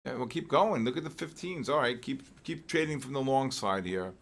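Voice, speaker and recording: A man hosting a live trading session, giving rambling market commentary with repeated words, exclamatory asides and frequent throat clearing. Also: mid-range voice, animated, normal speed, a bit bright. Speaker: trading show host.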